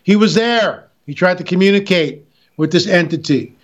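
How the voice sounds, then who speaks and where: A filmmaker and author appears as a guest on a radio interview, his high-sitting voice animated at a moderate pace. He tells stories emphatically and restarts often, and the audio sounds dull.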